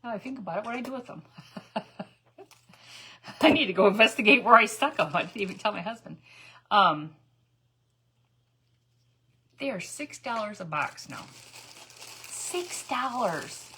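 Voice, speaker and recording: Bright, lively middle-aged woman chatting while crafting. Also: medium pitch, moderate pace, long pauses, a little hiss or hum, poor audio. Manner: rambling, laughs often, greets viewers. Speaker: crafting live-stream host. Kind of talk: chatty storytelling while dyeing eggs.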